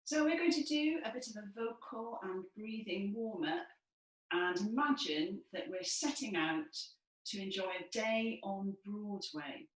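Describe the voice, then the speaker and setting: A woman, possibly from Wales, leading a guided breathing and vocal warm-up in a lively, encouraging, playful way. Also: mid-range voice, unhurried, recorded from a distance. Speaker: dance and movement leader. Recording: echoey room from afar.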